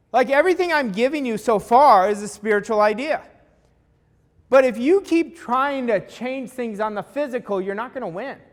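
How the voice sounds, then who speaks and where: A man giving a motivational talk as a coach, speaking emphatically and repeating key lines for weight. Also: very high-pitched. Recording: long hall reverb.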